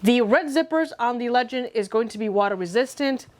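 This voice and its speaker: A woman's voice: on the high side, animated, fairly quick. A woman walking through a detailed product comparison in a methodical, self-correcting way. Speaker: gear reviewer. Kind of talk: product review walkthrough.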